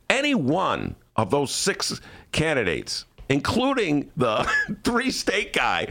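A man hosting political talk radio, animated and sarcastic, speaking to listeners as folks. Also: on the high side. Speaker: radio talk show host. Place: radio studio.

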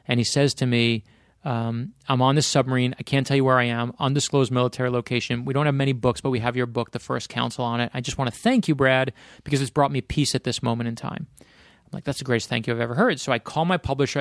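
Close, dry, echo-free audio captures a Floridian author guest with a gravelly, fry-heavy, mid-range voice. In casual conversation he recounts animated personal stories, speeding up in bursts as they build.

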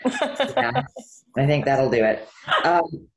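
A middle-aged woman in an interview, talking casually and telling stories. Her pitch rises and falls a lot as she goes, and she laughs often. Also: slow, vocal fry. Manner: chatty, animated storytelling with laughs. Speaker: guest actress.

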